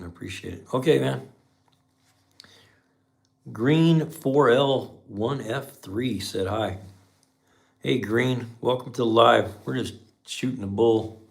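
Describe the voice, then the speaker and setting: A man's voice: fairly low pitch, vocal fry. A middle-aged man hosting a live stream as a mechanic, chatting casually with viewers and telling folksy shop stories. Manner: folksy storyteller, says man a lot.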